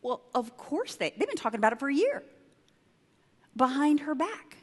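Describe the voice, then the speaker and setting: A woman giving a conference talk as a leadership consultant, telling a story in an emphatic, conversational way with quick asides to the audience. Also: sits high, very animated. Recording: long reverb of a large hall.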